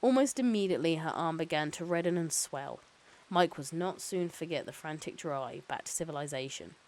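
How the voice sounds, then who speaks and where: A woman's voice: sits low, expressive, brisk, darkish tone, low-quality recording. A woman streamer reading a novel aloud, breaking off now and then for casual, sweary asides.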